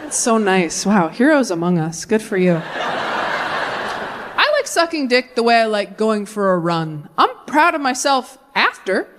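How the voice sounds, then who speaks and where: A young woman doing a stand-up comedy set with crowd work, animated and quick with asides, laughing at her own jokes. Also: mid-range voice. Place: comedy stage before a live audience. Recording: live show with loud crowd noise.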